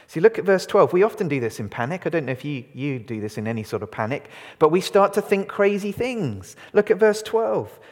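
A man preaching a sermon, animated and asking his congregation questions. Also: fairly high pitch, fairly quick, few pauses. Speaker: pastor. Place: church hall. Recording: long hall reverb.

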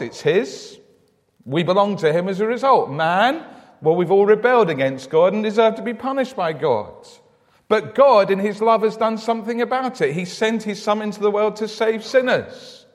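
A man's voice: sits high, lively intonation, normal speed. A man preaching a sermon in a church, telling stories in an earnest way and often repeating words as he starts a thought. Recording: long church reverb.

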